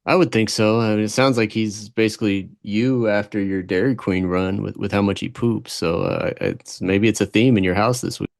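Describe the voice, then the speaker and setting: A man's voice: fairly low pitch, normal speed, vocal fry, few pauses, no echo. A man co-hosting a podcast, chatting casually and teasing his partner with dry jokes. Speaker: podcast co-host.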